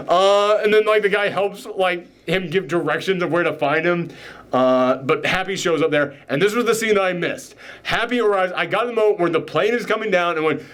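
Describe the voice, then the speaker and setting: A man casually recapping a film scene by scene, rambling with enthusiasm and acting out bits in quick voices. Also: high-pitched, a bit bright. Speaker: podcast host. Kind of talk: casual movie reaction chat.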